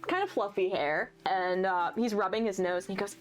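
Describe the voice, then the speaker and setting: A woman narrating a tabletop game as game master, relaxed and filler-heavy. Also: mid-range voice, moderate pace, slight background noise.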